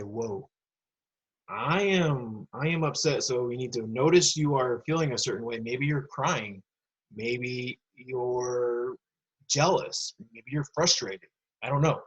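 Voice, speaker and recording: Husky-voiced man teaching a lesson. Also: medium pitch, muffled recording. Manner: patient, explanatory, addresses kids directly. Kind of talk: recorded remote lesson for students. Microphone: computer mic.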